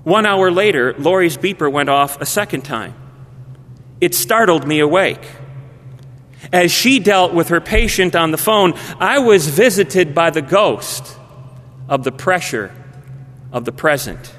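Male pastor, sermon storytelling, high voice, unhurried, hushed phrase endings, big hall reverb. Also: lively intonation. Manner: measured, dropping to a hushed voice at phrase ends. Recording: long reverb of a large hall.

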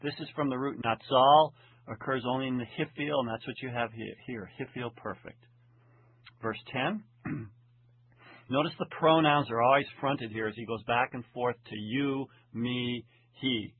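A man teaching a lecture, translating a text verse by verse in a deliberate, methodical way and slowing down to read the original lines. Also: breathy edge. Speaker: Hebrew Bible teacher. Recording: tinny phone-like low-fidelity audio.

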